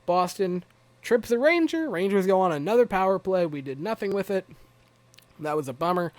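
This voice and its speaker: A man's voice: high voice, lively intonation, moderate pace, no echo. A young man giving a rambling, wry, self-mocking recap of a hockey game as a fan vlogger.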